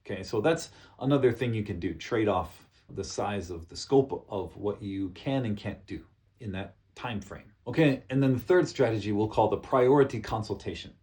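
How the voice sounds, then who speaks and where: A man teaching a business English video lesson, explaining phrases in a lively way that often repeats points and checks in with "okay?". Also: on the low side, moderate pace.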